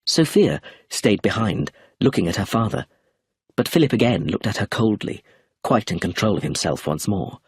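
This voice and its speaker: A man reading a novel aloud as narration for English learners, clear and measured. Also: fairly low pitch, expressive, no room sound, clean studio sound. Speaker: audiobook narrator.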